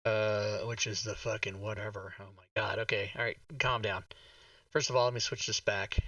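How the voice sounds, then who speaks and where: A man's voice: fairly low pitch, little pitch movement, normal speed, sharp tone, no room sound, recorded from a distance. A man hosting a live tabletop game stream, talking to himself while fixing his setup and swearing under his breath. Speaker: game master. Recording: dull lo-fi mic, slightly off-mic.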